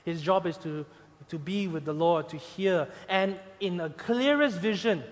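A man preaching a sermon as pastor, swinging between loud emphatic points and quiet, soft passages. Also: high-pitched, a little slow. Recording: long hall reverb.

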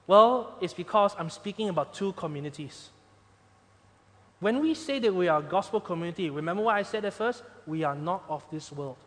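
A male pastor delivers an emphatic sermon in a notably high voice. His points build to loud peaks before dropping to hushed, gentle stretches. The sound rings with the long reverb of a large hall. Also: lively intonation, a little fast. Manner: emphatic preaching, rises loud then drops soft.

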